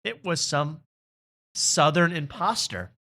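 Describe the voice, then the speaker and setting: A man's voice: on the high side, very animated, slow pace, pushed and bright. A man hosting a comedy podcast, ranting sarcastically in casual chat. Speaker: host.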